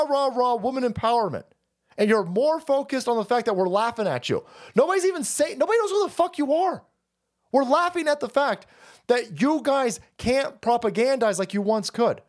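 A man hosting a livestream, ranting loudly and mockingly with constant profanity. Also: high voice. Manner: loud, foul-mouthed, mocking. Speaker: livestream host. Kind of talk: profane rant.

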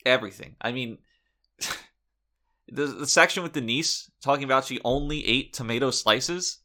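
A man's voice: mid-range voice, unhurried, pushed and bright. A man co-hosting a comedy podcast, ranting in mock indignation and swearing freely. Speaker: podcast co-host. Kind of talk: comedic in-character podcast chat.

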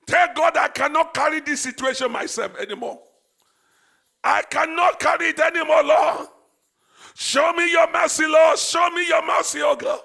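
Male pastor, shouted fervent prayer, gravelly and very high. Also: normal speed. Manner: shouted, fervent praying with repeated phrases. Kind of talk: sermon, leading congregational prayer. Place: church service.

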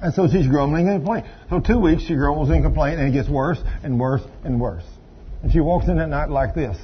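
Higher-voiced preacher man. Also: brisk, dull audio, a little hiss or hum. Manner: emphatic preaching with asides to the congregation. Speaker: pastor. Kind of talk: sermon. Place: church service.

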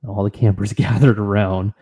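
Guy with a deep mellow voice, chatting away, gets all worked up telling his story. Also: fairly quick, slightly rough. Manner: animated, excitable storyteller. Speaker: podcast co-host. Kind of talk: casual storytelling chat.

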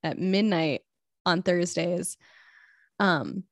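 A woman's voice: on the low side, drawn-out words, no echo. Woman co-host, casual chatter, laughs easily, dry close recording. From western United States. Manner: chatty, laughs often, many "like" fillers. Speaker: podcast co-host. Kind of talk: casual chat.

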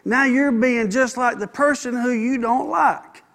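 A man's voice: very high-pitched, measured pace, gravelly, fairly bright tone. A man preaching a sermon in a folksy, conversational way, with asides to the congregation. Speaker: pastor.

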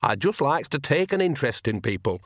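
A man's voice: medium pitch, sing-song, fairly quick, no echo, clean studio sound, voice pushed up. A man voicing a cheerful, cunning old witch woman who bosses people about in a folksy way. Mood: bossy cheerful.

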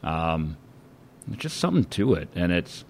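A man in casual chat, talking in a relaxed, rambling way with many restarts. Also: low voice, normal speed. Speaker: podcast co-host.

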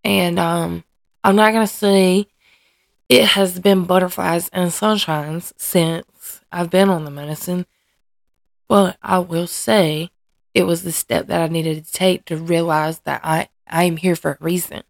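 A woman's voice: fairly low pitch, steady tone, unhurried, creaky, no echo. A woman hosting her own podcast, talking candidly and hesitantly about her life, often restarting and searching for words. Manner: earnest and emotionally open. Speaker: podcast host and mother. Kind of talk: candid personal podcast monologue.

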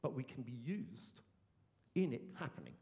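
A man's voice: mid-range voice, very animated, normal speed, gravelly, a little mellow, in a large hall. A man, preaching a sermon in an earnest, emphatic way and repeating his key phrases. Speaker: pastor.

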